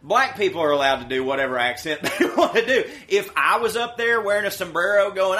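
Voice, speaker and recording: A man with a bright, tense, slightly high voice co-hosting a casual football podcast. He rambles and swears freely. His stories get loud and animated. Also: brisk, few pauses, slight background noise. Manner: rambling, profane, animated storytelling. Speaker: podcast co-host. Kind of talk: casual chat.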